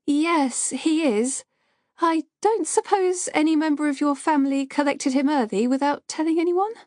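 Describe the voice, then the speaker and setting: A woman's voice: high voice, moderate pace, a little mellow, no echo, clean studio sound, voice pushed up, natural voice. A woman putting on a shaky young nursery worker. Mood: worried. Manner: anxious, apologetic.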